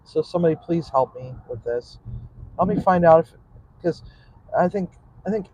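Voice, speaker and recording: A man's voice: on the high side, normal speed, warm tone, poor audio. A man, a cook and vlogger, rambling casually to his audience from his car in traffic, laughing often and muttering asides. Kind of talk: casual rambling monologue while driving.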